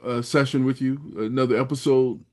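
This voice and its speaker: A man hosting a podcast, speaking in a gentle, encouraging way with religious phrasing. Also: mid-range voice, fairly even intonation, normal speed. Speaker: podcast host. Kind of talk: casual interview.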